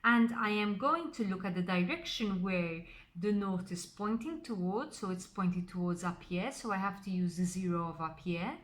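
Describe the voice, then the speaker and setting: A woman's voice: medium pitch, lively intonation, moderate pace, hardly any pauses. A woman, teaching a recorded maths lesson step by step and stressing key words.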